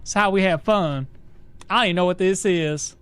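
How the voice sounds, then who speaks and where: A man's voice: high voice, normal speed, fairly bright tone, smooth. A man streaming a game live, chatting casually with his viewers and laughing often as he plays. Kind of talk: live gameplay commentary to chat.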